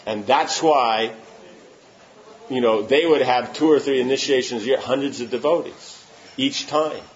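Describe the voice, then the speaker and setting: A man's voice: mid-range voice, unhurried. A man giving an informal religious talk, answering questions emphatically and often checking that listeners follow. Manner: emphatic, keeps asking "you know what I'm saying?". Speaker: spiritual teacher. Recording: muffled lo-fi recording.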